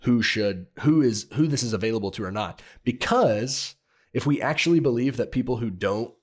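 A man's voice: medium pitch, lively intonation, normal speed. A man co-hosting a casual podcast discussion, talking in a conversational, affirming way. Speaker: co-host.

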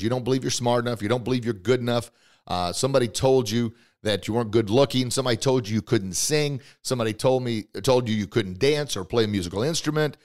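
A man hosting a motivational podcast, coaching listeners directly with excitement and bursts of emphatic shouting. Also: mid-range voice. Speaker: podcast host.

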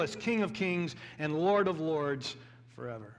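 Earnest high-voiced male preacher. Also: lively intonation, unhurried. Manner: earnest, repeats words and restarts phrases; builds to a louder, emphatic preaching pitch. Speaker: pastor. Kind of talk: sermon with scripture reading.

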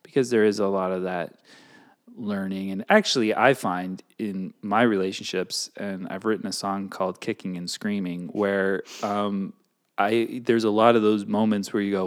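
A middle-aged man co-hosting a casual advice chat, musing aloud and acting out his own reactions with sudden high bursts. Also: steady tone, moderate pace. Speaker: podcast co-host.

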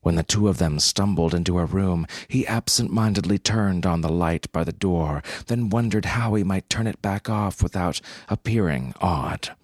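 A man narrating a story in a dry, deadpan way. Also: low-pitched, normal speed, hardly any pauses, no echo.

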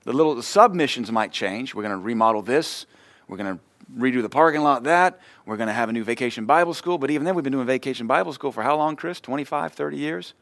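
A man's voice: mid-range voice, fast talker, vocal fry, a bit bright, dry recording. A man pastor giving a sermon in a conversational way, acting out short everyday exchanges. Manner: conversational preaching, acts out short dialogues.

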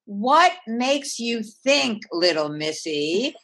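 A woman voicing a nagging female inner critic who scolds in a slow, condescending way. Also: medium pitch, sing-song, fairly bright tone, full character voice. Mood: scolding.

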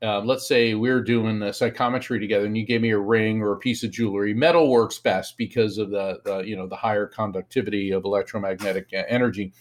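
A man, a psychic medium and author, telling an animated story as an interview guest and acting out the lines of the people in it. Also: on the low side, quick pace, few pauses. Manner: animated storyteller, acts out quotes in raised voice.

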